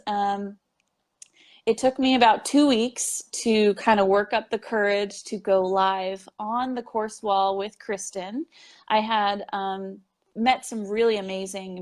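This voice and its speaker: Young woman, casual interview chat, chatty, lots of "like" and "um", mid-pitched voice. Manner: chatty, many fillers and "like", laughs often. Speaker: psychic medium telling her story.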